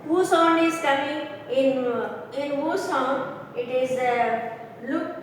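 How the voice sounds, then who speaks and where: A woman teaching English pronunciation in a recorded lecture, speaking slowly and repeating herself, often checking that students have understood. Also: sits high, slight background noise. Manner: slow, repetitive, keeps checking students understand. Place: classroom or room with a board. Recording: echoey room, voice far from the mic.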